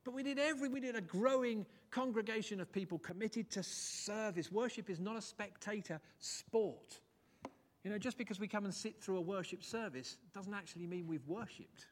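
Man, preacher, sermon, high-pitched voice, animated, dramatic swings in pitch and volume. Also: normal speed. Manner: animated, jokey, varies pitch and loudness widely for emphasis. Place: church.

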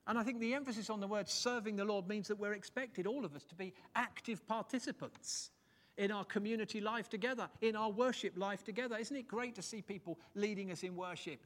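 A man preaching a sermon in church, animated and jokey, swinging his pitch and loudness for emphasis. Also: a little fast.

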